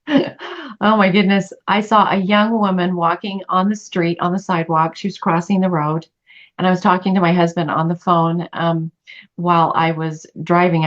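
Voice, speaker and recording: A woman's voice: on the low side, highs cut off. A middle-aged woman in a group chat, speaking earnestly and openly about her feelings. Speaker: study group member. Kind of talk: casual group chat on a call.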